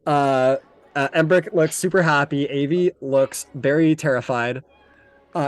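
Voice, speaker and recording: A man's voice: on the high side, measured pace. A man narrating as game master of a tabletop game, in loose, filler-heavy storytelling.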